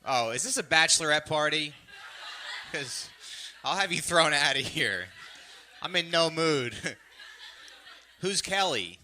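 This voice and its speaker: A man's voice: fairly high pitch, expressive, slow pace, long pauses, bright, forceful tone, a little hiss or hum. A man in his thirties doing a stand-up set at a live show, rambling and self-deprecating with lots of fillers, on a stage mic. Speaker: stand-up comedian. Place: live comedy show venue. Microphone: stage microphone.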